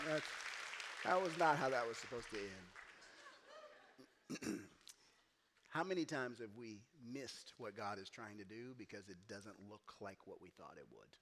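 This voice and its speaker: A man's voice: lowish voice, a little slow, long pauses, a loud crowd, very noisy. A man preaching a sermon as pastor, telling a story and acting out the voices in it. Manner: animated, acts out quoted voices, gets loud and emphatic. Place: church.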